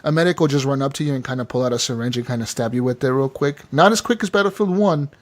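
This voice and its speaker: A man telling game stories on a casual gaming podcast. He talks with loose, excited energy and swears freely, tossing in "dude" and "man" as he goes. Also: medium pitch, fast. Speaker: podcast co-host.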